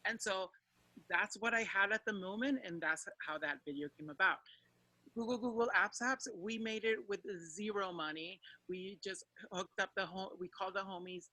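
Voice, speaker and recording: Bright-voiced chatty woman guest. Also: medium pitch, moderate pace, no echo, poor audio. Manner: chatty, joking, loose with filler words. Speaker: guest, drag performer. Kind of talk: casual interview chat.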